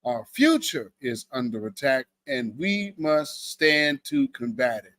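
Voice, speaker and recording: A man's voice: mid-range voice, sing-song, takes it slowly, fairly bright tone, no echo. A man hosting a livestream, talking to his viewers with an emphatic, preacherly cadence. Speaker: livestream host. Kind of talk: livestream commentary.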